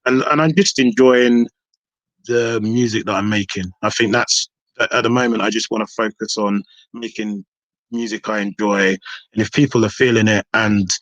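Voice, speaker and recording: A man's voice: fairly low pitch, fairly even intonation, normal speed, a bit bright, dry recording. Rambling man with a dry, close sound. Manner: rambling, many restarts and fillers. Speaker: hip hop artist. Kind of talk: casual podcast interview.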